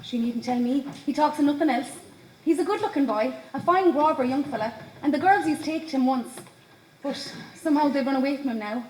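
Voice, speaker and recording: An actress playing a brisk Irish countrywoman who fusses and gives orders, on stage. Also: high-pitched, darkish tone, natural voice. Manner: brisk, fussing, commanding. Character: brisk young countrywoman nursing her ailing father. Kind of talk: amateur stage play. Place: stage in a hall. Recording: echoey hall from far off, faint noise.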